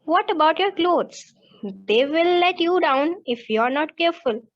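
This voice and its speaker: A woman's voice: very high voice, expressive, measured pace. A woman reading aloud the lines of a dry, sarcastic male character in class. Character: Gerard, dry sarcastic man in a play, read aloud. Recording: dull lo-fi audio.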